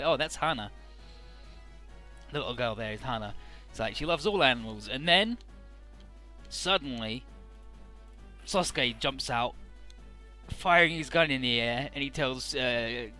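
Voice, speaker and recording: Bright-voiced man recapping a game story. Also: medium pitch. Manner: offhand, profane, amused retelling with many "uh"s.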